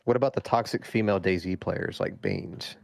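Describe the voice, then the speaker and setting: A man's voice: low voice, brisk, vocal fry, no room sound, studio quality. A man on a casual gaming podcast, teasing the other hosts and laughing often. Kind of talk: casual chat.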